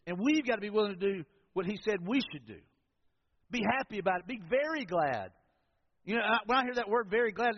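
In a large church hall that gives his words a long reverb, a pastor with a distinctly high voice preaches folksily, chatting with the congregation and drifting into storytelling asides. The audio sounds dull and lo-fi, with a bit of hiss or hum.

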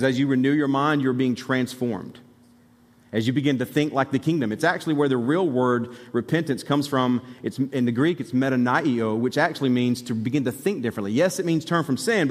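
A male pastor from Alabama delivers a sermon in a mid-pitched voice. He preaches conversationally but emphatically and turns to the congregation with asides. The sound carries the long reverb of a church sanctuary. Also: brisk.

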